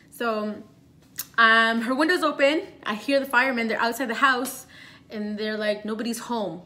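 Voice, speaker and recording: A young female vlogger tells a story directly to camera in a bright, forceful, slightly high voice. She rushes through the tense moments, stacking up fillers, in a casual, animated and breathless storytime style.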